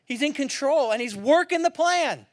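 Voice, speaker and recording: A man preaching a sermon in a conversational, animated way, swinging from hushed near-whispers to loud emphatic bursts and asking rhetorical questions. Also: extremely high pitch, moderate pace. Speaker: pastor.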